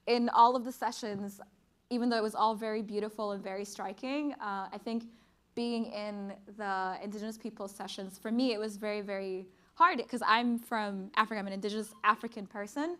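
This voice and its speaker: A woman's voice: medium pitch, fairly even intonation, brisk, a bit bright. A young woman from Sudan giving a conference speech and performing spoken-word poetry in an earnest, emphatic, rhythmic way. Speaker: speaker and poet. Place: conference stage before an audience.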